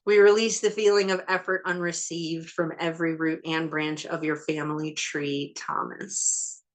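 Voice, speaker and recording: Lowish voice lady running a healing session, calm, counts stuff out steady and matter-of-fact. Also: moderate pace. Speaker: ancestral healing facilitator.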